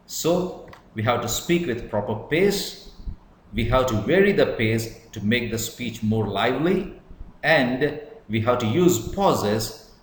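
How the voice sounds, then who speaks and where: A man giving a measured lecture on public speaking, stressing words to demonstrate emphasis. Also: mid-range voice, expressive, reverberant, slight background noise, rough recording. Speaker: English teacher. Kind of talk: slow deliberate lecture.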